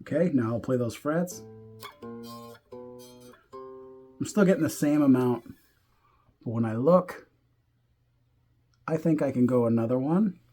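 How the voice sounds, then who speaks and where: A man walking through a guitar setup step by step, talking in a relaxed way while he works and thinking aloud as he goes. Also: medium pitch, unhurried, long pauses. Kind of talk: hands-on tutorial explanation.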